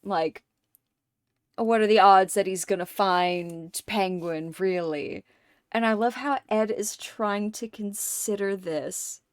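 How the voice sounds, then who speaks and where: A woman hosting a livestream in casual chat, rambling and excitable, and swearing often. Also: mid-range voice, slow pace, clear, resonant tone, no echo, clean studio sound. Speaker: livestream host. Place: home streaming setup.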